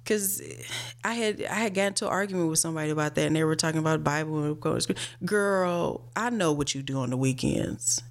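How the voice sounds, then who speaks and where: A woman's voice: sits low, quick pace. A young woman in casual conversation, venting bluntly with plenty of profanity. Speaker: guest, video creator. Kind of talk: casual chat.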